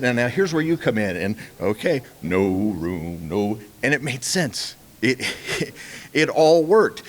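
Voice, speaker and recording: Folksy man giving an event speech. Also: medium pitch. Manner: folksy storyteller, many restarts and repeated words. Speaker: partnership director at a Christian ministry. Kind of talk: speech at an outdoor charity event.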